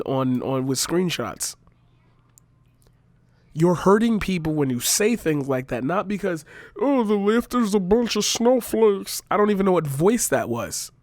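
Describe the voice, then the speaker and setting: A man's voice: a little high, a little mellow, dry recording. A young man ranting to camera, exasperated, sarcastic and profane. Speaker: vlogger. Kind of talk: frustrated opinion rant to camera.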